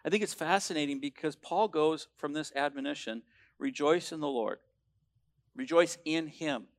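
A man preaching with a slightly high voice. He teaches a sermon with emphatic force, climbing to loud declarations and often restarting his sentences. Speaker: pastor.

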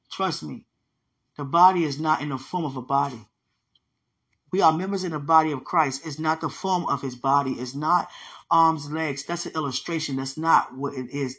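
A woman's voice: low voice, a bit bright. Emphatic woman preaching conversationally. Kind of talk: sermon-style teaching about a dream.

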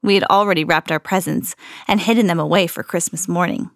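A woman reading a children's storybook aloud in an expressive, storytelling manner. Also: lowish voice, a little fast, soft background music. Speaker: podcast host reading to children.

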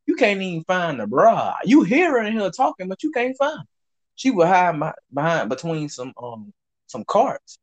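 Southern guy spinning a story, pitch jumping all over, cussing a lot. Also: normal speed. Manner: animated, profane, acts out quotes. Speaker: storyteller host. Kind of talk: casual storytelling chat.

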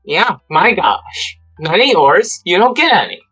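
A woman's voice: lowish voice, sing-song, measured pace, a bit bright, slightly rough, faint music behind, poor audio. A woman co-hosting a podcast in casual chat, wry and teasing. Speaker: podcast co-host.

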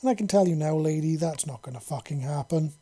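A man's voice: sits high, lively intonation, normal speed, warm tone. A man voicing a brash young human soldier who swears and talks bluntly but nervously. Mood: defensive.

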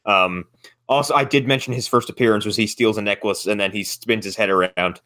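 A man's voice: on the low side, fast, sharp tone, no echo, studio quality. A man co-hosting a casual podcast chat, rambling and swearing as he acts out quotes with laughs. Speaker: podcast co-host.

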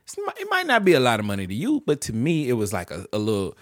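Laid-back male co-host, joking storyteller, lively swings in pitch, dry close sound. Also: fast talker, no room sound. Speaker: podcast co-host. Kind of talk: casual chat.

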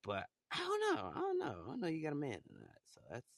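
A man's voice: a little high, huge pitch swings, quick pace, vocal fry, a bit bright, no room sound, clean studio sound. A man chatting casually on a live audio stream, rambling in slang, full of fillers and restarts. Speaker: live audio room host.

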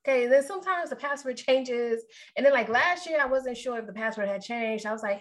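A woman's voice: high-pitched, normal speed, a bit bright. A woman co-hosting a podcast in casual chat, meandering and chatty, with asides to the listeners. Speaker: podcast co-host.

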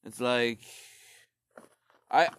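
Slow, rambling, swearing man. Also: medium pitch, clean tone, dry recording. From Canada. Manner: rambling and profane, many fillers and restarts. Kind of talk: casual rant.

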